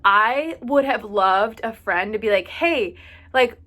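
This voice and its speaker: A woman's voice: mid-range voice, expressive, takes it slowly, sharp tone. A young woman vlogging casual advice to camera, chatty and full of "like", a little out of breath. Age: young adult. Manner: chatty, fills with "like", sighs and laughs.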